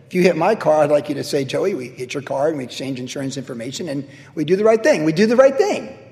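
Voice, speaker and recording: A man's voice: fairly high pitch, creaky, darkish tone, in a large hall. A middle-aged man preaching a sermon as a pastor, telling a personal story in a casual, self-deprecating way.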